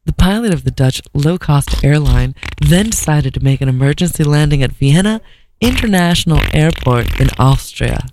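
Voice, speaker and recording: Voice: medium pitch, lively intonation, moderate pace, a little mellow, slight background noise. A podcast co-host reads a news story aloud for laughs. The host keeps breaking off into profane, incredulous asides. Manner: profane, incredulous asides between read-out sentences. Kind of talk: comedic reading of a news story.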